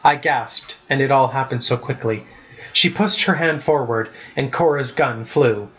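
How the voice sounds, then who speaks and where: A man's voice: mid-range voice, unhurried, a bit bright, muffled recording. Man reading his own storybook aloud. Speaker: author reading his novel. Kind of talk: storybook narration.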